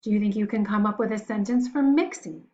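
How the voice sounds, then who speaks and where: A woman teacher giving a recorded spelling lesson to young children, slowly spelling words out letter by letter and encouraging them. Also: mid-range voice, a little mellow, muffled recording.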